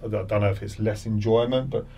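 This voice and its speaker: Low-voiced man rambling on a podcast. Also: steady tone, brisk, creaky, dark tone, distant mic, slight background noise. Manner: rambling, many restarts and repeated words. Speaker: podcast guest, former footballer. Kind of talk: casual interview chat.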